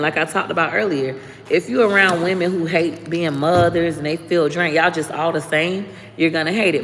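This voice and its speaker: A woman, hosting a casual livestream. She talks in a frank, profane, animated way, like telling stories to friends. Her voice carries a long reverb with faint noise behind it. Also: low-pitched. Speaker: livestream host giving life advice.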